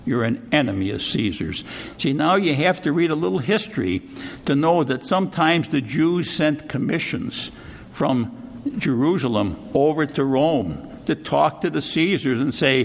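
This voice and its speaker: A man's voice: on the high side, lively intonation, normal speed, gravelly. A man preaching a sermon, conversational and constantly checking in with "see?", with a long hall reverb. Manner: conversational, repeats "see?" often.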